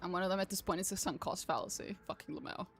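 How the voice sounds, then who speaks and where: A woman's voice: fairly low pitch, steady tone, rapid-fire, soft background music. A young woman streaming a game, chatting casually with her viewers, swearing and laughing often. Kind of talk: casual chat while gaming.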